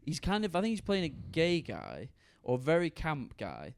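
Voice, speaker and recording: Man from Manchester, podcast co-host, rambling casual chat, smooth voice, dry close sound. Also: fairly high pitch, huge pitch swings, moderate pace, dry recording. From Manchester, England. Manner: rambling, many fillers and restarts.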